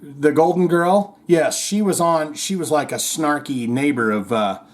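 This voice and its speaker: A man's voice: fairly high pitch, measured pace. A man hosting a podcast, chatting casually and rambling through listener comments, chuckling often. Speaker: podcast host.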